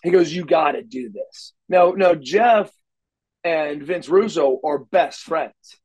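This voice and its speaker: A man telling wrestling stories in a casual interview, animated and acting out quotes, stumbling over repeated words. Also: a little high, takes it slowly, breathy edge, rough recording. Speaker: wrestler guest.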